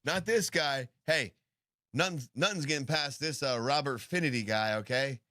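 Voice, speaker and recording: A man's voice: mid-range voice, moderate pace, pushed and bright, dry recording, clean studio sound. A man co-hosting a livestream, reacting in casual chat that rambles, swears and mimics names. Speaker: livestream co-host.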